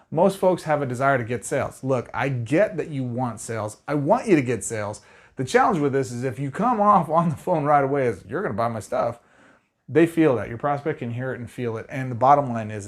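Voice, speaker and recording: A middle-aged man giving sales tips straight to the camera, energetic and conversational. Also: medium pitch. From Arizona. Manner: energetic, conversational, fast-talking. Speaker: sales trainer.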